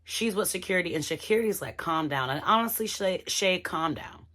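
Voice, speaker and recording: A woman's voice: fairly low pitch, fairly quick, fairly bright tone. A woman giving a casual, chatty recap of a reality show, talking straight to her viewers. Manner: chatty, addresses viewers as y'all.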